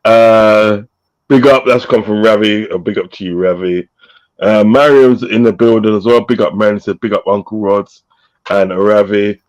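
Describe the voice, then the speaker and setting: A man's voice: on the low side, steady tone, normal speed, low-quality recording. A man hosting a casual live-stream chat, reading out viewers' messages with frequent laughter. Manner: laughs often, reads out chat shout-outs. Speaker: host.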